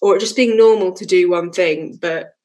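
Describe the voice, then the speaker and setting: A woman's voice: on the low side, normal speed, a little mellow. A young woman musician chatting casually in an interview, with lots of fillers and easy laughter. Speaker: musician guest.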